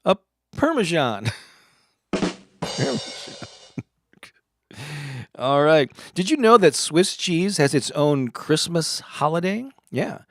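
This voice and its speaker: A man's voice: on the high side, sing-song, takes it slowly, a bit bright, soft background music. A man hosting a live stream, reading corny cheese jokes and laughing at his own puns.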